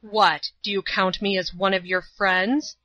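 A woman voicing a drunken, threatening brute of a man who talks loudly and slowly. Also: mid-range voice, little pitch movement, dry recording, low-quality recording. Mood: gruff. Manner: loud, slow and bullying.

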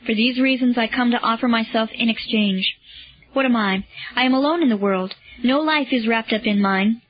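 A woman's voice: a little high, moderate pace, close to an everyday voice. A woman reading the part of an earnest, self-sacrificing man who solemnly implores a friend, in a dull lo-fi recording. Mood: imploring.

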